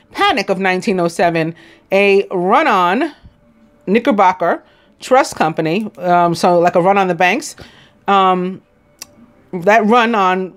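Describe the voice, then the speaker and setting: Woman, New York accent, tarot-channel host reading almanac items aloud; casual, trips on hard names. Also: medium pitch. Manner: reads list aloud, stumbles on names, asides with a laugh. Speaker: tarot reader. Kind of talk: reading daily almanac notes.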